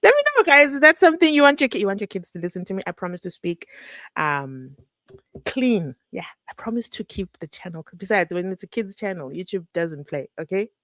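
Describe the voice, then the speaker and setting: Woman, true crime channel host, casual live-stream chat, animated, dry close sound. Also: fairly low pitch, a little fast, no room sound. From South Africa. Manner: animated, chatty, breaks into laughs and asides.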